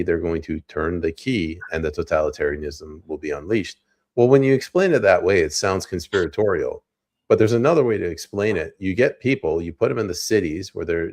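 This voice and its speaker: A man co-hosting a podcast, chatting casually about politics and acting out quotes as he tells stories. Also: low-pitched. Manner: animated storyteller, acts out quotes. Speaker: podcast co-host.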